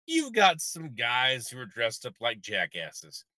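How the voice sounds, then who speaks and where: A man's voice: medium pitch, huge pitch swings, a little slow, pushed and bright, no echo. A man co-hosting a podcast, making wry remarks and laughing often. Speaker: podcast co-host. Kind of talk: casual recap chat.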